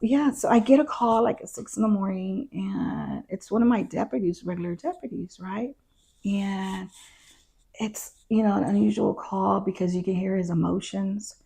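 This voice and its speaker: A middle-aged woman, once a constable, talks through her story as an interview guest, conversationally quoting and performing what others said. She has a medium pitch, moderate pace, vocal fry, and a mellow tone with a breathy edge.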